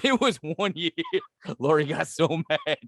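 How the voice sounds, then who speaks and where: A middle-aged man with a New York accent, his voice pitched high for a man, riffs in loose, foul-mouthed podcast banter. He is animated, swears at every turn and laughs easily, and the close mic sounds dry with no room around it. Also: unhurried, vocal fry, no room sound. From Brooklyn, New York. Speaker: podcast co-host. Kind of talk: casual profane comedic chat.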